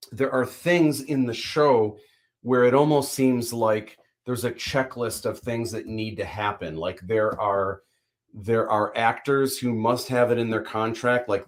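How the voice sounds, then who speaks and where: A man hosting a relaxed livestream chat, talking at a middling pitch. He rambles through animated opinions, full of fillers and restarts. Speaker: livestream host. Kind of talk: casual chat.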